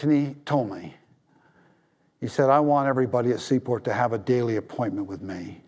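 A man preaching a sermon as pastor, swinging from raised appeals down to hushed, low tones for emphasis.

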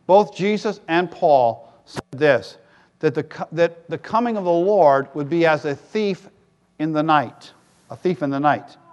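High-voiced joking male preacher. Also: unhurried, muffled recording. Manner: conversational, joking, rising to loud emphatic peaks. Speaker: pastor. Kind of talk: sermon.

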